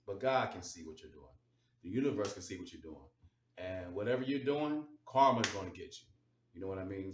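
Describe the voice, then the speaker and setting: A man's voice: on the low side, darkish tone. A man giving blunt, repetitive life advice in an unscripted monologue, with casual swearing. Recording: roomy echo from far off mic.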